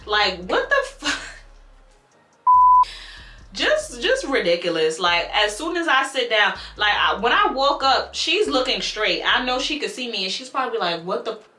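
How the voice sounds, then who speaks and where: Blunt, animated woman telling a story. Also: a little high, a little slow, reverberant, slight background noise. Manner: animated, blunt, swears freely. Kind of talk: casual storytime vlog.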